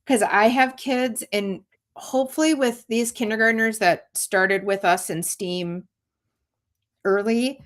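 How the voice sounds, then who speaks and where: Animated, upbeat woman chatting. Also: a little high, slow. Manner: animated, laughing, acts out kids' voices. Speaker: host, teacher. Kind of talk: casual chat.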